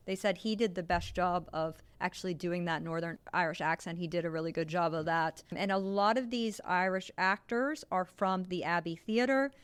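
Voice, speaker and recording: Lower-pitched woman rambling through a film plot. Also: clear, resonant tone. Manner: rambling, storytelling with many asides. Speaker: podcast host. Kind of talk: casual film discussion.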